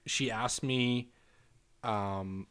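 A man's voice: extremely slow, clear, resonant tone. A young man, co-hosting a casual podcast, telling crude stories with lots of swearing. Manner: animated storytelling, swears a lot, quotes texts in a lowered voice. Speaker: podcast co-host. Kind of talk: casual chat.

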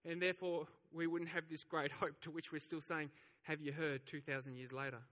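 A man's voice: fairly high pitch, level tone, brisk, bright, forceful tone, long reverb tail. A man preaching a sermon, telling the story with animation and acting out the voices of the crowd. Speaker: pastor.

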